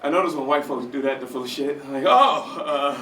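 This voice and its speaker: A man's voice: medium pitch, fairly even intonation, racing, a bit bright, far from the mic. A man doing a stand-up set at an open mic, talking conversationally to the crowd and laughing at his own jokes, recorded in a roomy small theater from afar. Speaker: stand-up comedian.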